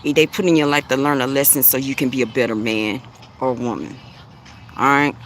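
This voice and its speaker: A woman with a low, bassy voice talks straight to her listeners like a spiritual coach. She preaches in loose, repetitive phrases and often breaks into a short chuckle. A faint hiss sits under her voice. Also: steady tone, brisk. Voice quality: deep voice with bass. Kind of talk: spiritual motivational monologue to camera.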